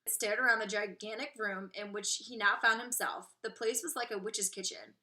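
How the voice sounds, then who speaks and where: Bright-voiced teacher reading a story aloud. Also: female voice, mid-range voice, moderate pace. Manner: expressive, clear storytelling. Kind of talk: storybook read-aloud narration.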